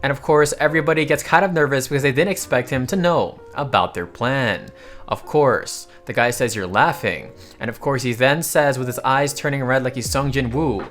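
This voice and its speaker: A man's voice: medium pitch, fairly bright tone. A man narrating a casual comic recap, tossing slangy, joking asides to his viewers.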